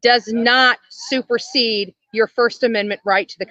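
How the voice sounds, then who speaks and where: A man's voice: very high voice, steady tone, a little slow, sharp tone, dry recording. Rambling man on a muffled livestream. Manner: rambling, with many fillers. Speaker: livestreaming protester. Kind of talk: livestream talk to viewers. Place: outdoors at a night protest. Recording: dull, muffled stream audio.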